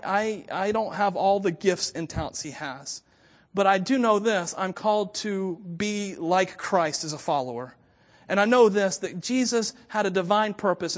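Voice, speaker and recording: High-voiced man preaching with chuckles. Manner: chuckles often while talking; animated, with stammered restarts. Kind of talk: storytelling sermon.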